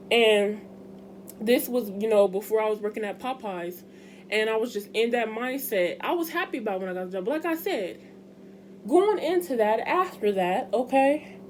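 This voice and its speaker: A woman's voice: mid-range voice, a little mellow, slight background noise. Chatty young woman. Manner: chatty, emphatic, addresses viewers as y'all. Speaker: vlogger. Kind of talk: casual chat to camera.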